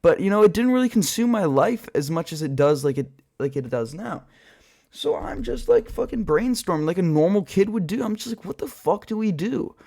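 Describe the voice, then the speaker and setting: A young man tells a childhood story in a loose, rambling way, swearing freely and filling gaps with filler words. His voice sits a little on the high side. The feel is an offhand story-time chat recorded while he plays a game. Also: lively intonation, a little fast, vocal fry, a little mellow. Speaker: storyteller vlogger.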